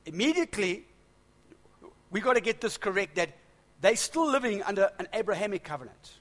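Man with a notably high voice, middle-aged, preaching an expository sermon with casual asides and jokes. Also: a bit bright.

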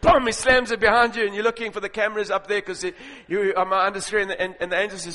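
Animated, joking male preacher in a hall. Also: high voice, quick pace, hardly any pauses. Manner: animated, humorous storytelling, acts out scenes. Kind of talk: sermon. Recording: long hall reverb.

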